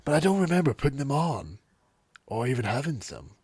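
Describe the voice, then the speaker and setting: A man telling funny cartoon scenes in casual chat. The sound is dry and close, with no room around him. He keeps the talk loose and animated. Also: medium pitch, fairly quick, husky, dry recording. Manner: animated storytelling with voice impressions. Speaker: co-host.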